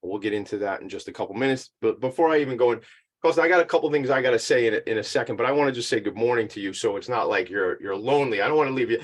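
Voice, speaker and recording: A man's voice: mid-range voice, very fast. A man hosting a podcast from his home attic studio, chatty and upbeat, joking about himself, a bit out of breath. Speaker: podcast host. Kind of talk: casual talk-show intro.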